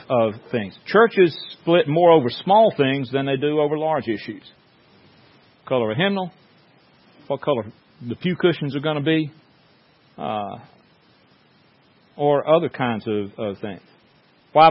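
A man preaching a sermon in a folksy, joking storytelling way, with many restarts. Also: mid-range voice. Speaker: pastor. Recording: dull lo-fi sound.

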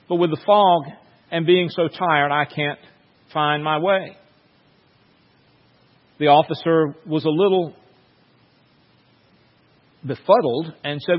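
A man preaching a sermon in a slow, measured way, reading scripture and telling a story with long pauses. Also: fairly high pitch, fairly even intonation. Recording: dull sound with long hall reverb.

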